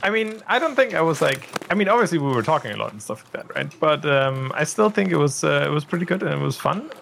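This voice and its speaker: Male co-host, gravelly, hesitant and agreeable, faint noise underneath. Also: on the high side, very animated, fast talker, a bit bright. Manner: hesitant, filler-heavy, agreeable. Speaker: podcast co-host, photographer. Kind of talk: casual chat. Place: outdoors at an industrial park.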